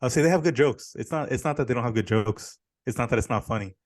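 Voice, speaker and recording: A man's voice: medium pitch, fast talker, dry recording. A man co-hosting a podcast, chatting casually, blunt and opinionated, with some swearing. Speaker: podcast co-host. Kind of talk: casual chat.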